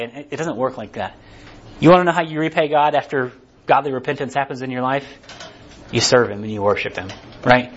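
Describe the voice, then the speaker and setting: A man's voice: medium pitch, brisk. A man giving a casual sermon, reading scripture and retelling it in conversational language, rising to emphatic peaks. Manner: conversational, acts out characters, builds to emphatic peaks. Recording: dull lo-fi sound.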